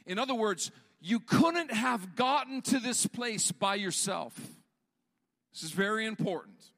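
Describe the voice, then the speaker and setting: A man preaching a sermon as pastor, animated and often repeating words as he builds a point. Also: high-pitched, measured pace, in a large hall.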